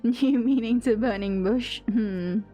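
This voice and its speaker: A woman's voice: fairly high pitch, slow, dark tone, soft background music. A young woman streaming a game, chatting casually with viewers, reading chat aloud and giggling often. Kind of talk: casual live-stream chat while gaming.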